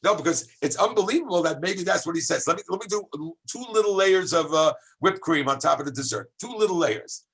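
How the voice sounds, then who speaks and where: A man, a rabbi, teaching a high school class in an animated, exclamatory way, calling on students by name and shouting at times for emphasis. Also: fairly quick, few pauses, slightly rough. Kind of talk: lively classroom lesson.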